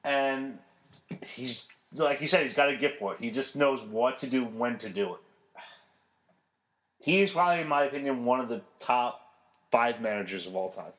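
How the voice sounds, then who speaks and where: A man's voice: medium pitch, moderate pace, long pauses, a bit bright, low-quality recording. A man co-hosting a podcast, talking casually about wrestling in a playful, teasing way. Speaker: podcast co-host.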